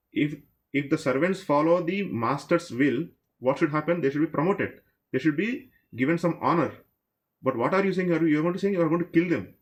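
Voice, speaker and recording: A man voicing a gentle motherly goddess who chides patiently and reasons with her listener. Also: a little high, close to an everyday voice, poor audio. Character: gentle motherly goddess Sita, a woman scolding kindly.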